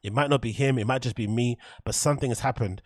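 A man's voice: medium pitch, fast, dry recording. A man hosting a podcast, rambling candidly through a casual monologue with plenty of fillers and the odd swear word. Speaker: podcast host.

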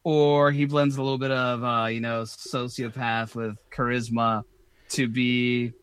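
A man with a mid-pitched voice talking casually on a podcast. He stays relaxed and agreeable, and his voice is dry and close with no room sound. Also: unhurried, clear, resonant tone, no room sound. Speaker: podcast co-host. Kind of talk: casual chat.

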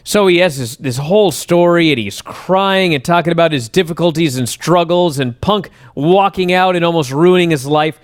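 A man hosting a wrestling talk show, telling stories at length in a casual, animated way. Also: on the high side, moderate pace, hardly any pauses, no echo, clean studio sound. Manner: animated storyteller, recaps at length. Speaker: wrestling radio show host.

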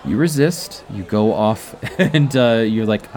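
A man running a tabletop game as game master, narrating scenes in a drawn-out, descriptive way with chuckles. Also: fairly low pitch, expressive, a little mellow.

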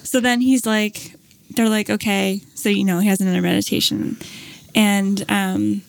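A woman chatting casually and spinning a long story, slipping into little voices for each person she quotes. Her voice sits at an ordinary middle pitch, and the recording is close and dry, with no room sound around it. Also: moderate pace, vocal fry, no room sound. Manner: animated storyteller, acts out quotes, many fillers.

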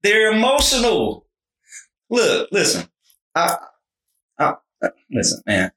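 A man talks in a measured, explanatory way during a casual chat. His voice is bright and moves around a lot in pitch. He sounds like he is in a roomy, echoing space. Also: huge pitch swings.

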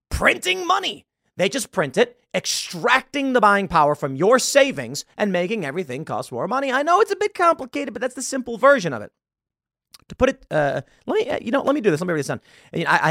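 Animated man hosting a commentary show. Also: sits high, no echo, studio quality. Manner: animated, rambling, with many fillers. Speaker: show host. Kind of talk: political commentary monologue.

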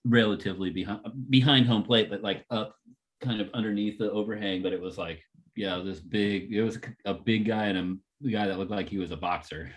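A man in casual chat, telling rambling stories and getting animated and laughing as he goes. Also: fairly low pitch, a little fast.

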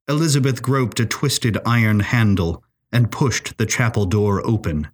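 A man narrating a serialized mystery story in an expressive, measured way. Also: lowish voice. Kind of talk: audio drama story narration.

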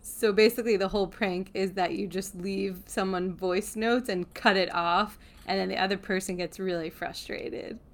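A woman's voice: mid-range voice, fairly even intonation, normal speed, hardly any pauses. A woman co-hosting a casual chat show, amused and laughing easily. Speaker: podcast co-host.

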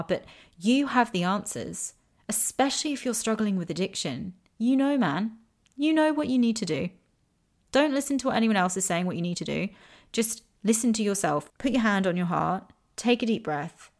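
A young woman telling her own story to camera in a frank, earnest way, swearing freely and speaking straight to the listener. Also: lowish voice. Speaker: vlogger. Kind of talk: candid personal storytelling to camera.

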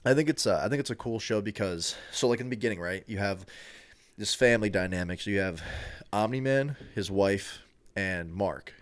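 A man with a very low, deep voice talks loosely on a podcast, circling back and restarting his sentences. The sound is dry and close, with no room around it. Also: normal speed, no room sound. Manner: rambling, many restarts and fillers. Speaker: podcast co-host. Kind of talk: casual chat.

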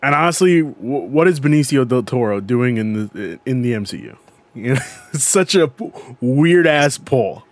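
A man with a medium-pitched voice, big pitch swings and normal speed co-hosts a casual podcast recording with no echo. He tells stories in a rambling way, correcting himself constantly as he goes.

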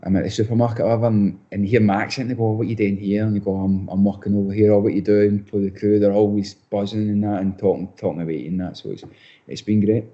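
A man's voice: on the low side, steady tone, quick pace, dark tone, muffled recording. A young Scottish man, a footballer being interviewed, chatting casually with lots of restarts and repeated words. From Scotland. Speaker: footballer guest.

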